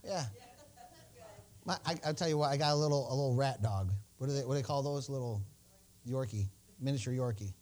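A male pastor preaching a sermon in a folksy, joking manner, dropping to soft asides and rising to bold, loud declarations. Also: medium pitch, a little fast, pauses often.

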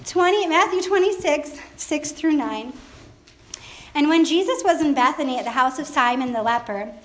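Female preacher, high voice, chatty and emphatic, roomy church sound. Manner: conversational, emphatic preaching with asides. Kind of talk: sermon. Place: church service.

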